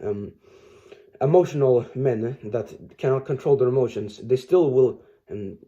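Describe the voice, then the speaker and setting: A man's voice: medium pitch, expressive, measured pace, dark tone, muffled recording. A man giving a rambling, profane motivational monologue to camera, with many restarts and fillers. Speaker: motivational vlogger.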